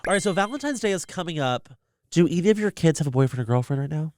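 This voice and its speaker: Animated man telling a story. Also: fairly high pitch, fast, dry recording, studio quality. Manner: animated storyteller, acts out quotes. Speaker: podcast co-host. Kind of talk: casual chat.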